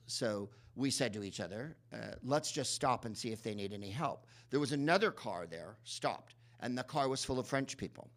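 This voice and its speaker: In a cinema, a male host delivers a live, comic film introduction, rambling sardonically with plenty of ums and restarts. His voice sits at a middling pitch and has a fairly bright tone.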